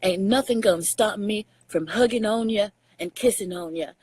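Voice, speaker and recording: A woman's voice: medium pitch, moderate pace, a little mellow, lightly acted. A woman doing her stubborn grandma. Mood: insistent. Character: Southern grandmother, older woman, stubborn and affectionate.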